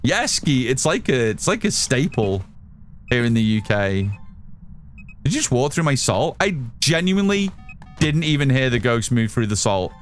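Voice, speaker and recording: A British man from the United Kingdom casually commentates on a live stream as he plays a game, reading out and answering chat. His medium-pitched voice is very animated at a normal speed, with faint music in the background.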